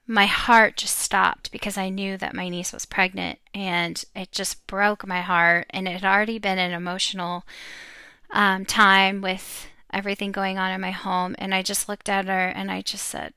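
A middle-aged woman sharing an emotional personal testimony about her faith, talking earnestly with pauses and fillers. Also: medium pitch, level tone, pushed and bright, clean tone, no room sound. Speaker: Christian speaker sharing a testimony.

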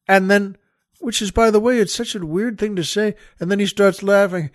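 Exasperated high-voiced man telling a story. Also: normal speed, no room sound, studio quality. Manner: exasperated, digressive, incredulous. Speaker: podcast host. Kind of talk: comic storytelling monologue.

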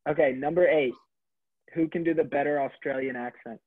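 A man's voice: on the high side, steady tone, a little fast. A man hosting a casual quiz on a podcast over a video call, teasing and playful. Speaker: quiz host. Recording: tinny phone-like call audio.

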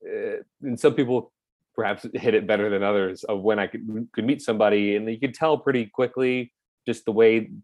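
A man's voice: lowish voice, a little fast, no echo. A young man, an actor as a guest, talking casually about his past, laughing often and acting out what others said. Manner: relaxed, laughs often, acts out voices of others. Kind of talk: casual interview chat.

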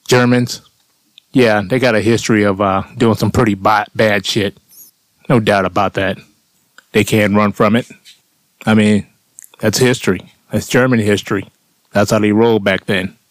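A man's voice: fairly low pitch, no echo. A man telling a story in a blunt, profane, conversational way, tagging lines with "man". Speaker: storyteller vlogger. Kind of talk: casual comic storytelling monologue.

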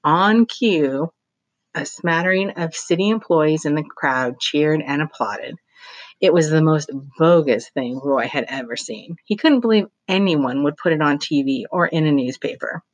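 A teacher reads a novel aloud in a low, expressive voice, pausing now and then for her own brief asides. The sound is close and dry, with no room around it. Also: no room sound.

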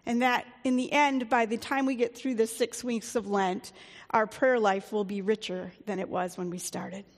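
A woman's voice: a little high, steady tone, normal speed, long reverb tail. A woman pastor giving a sermon in a conversational, plain-spoken way, with the odd filler.

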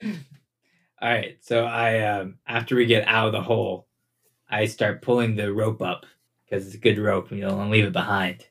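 A man's voice: on the low side, little pitch movement, normal speed, vocal fry, a bit bright, slightly rough. A man playing a tabletop game, joking and tossing out plans. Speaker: player. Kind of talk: casual tabletop chat.

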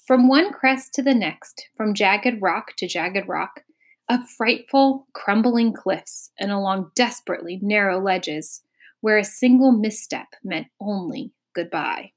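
A woman's voice: medium pitch, lively intonation, unhurried. Woman narrating a storybook with dramatic pacing. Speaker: audiobook narrator.

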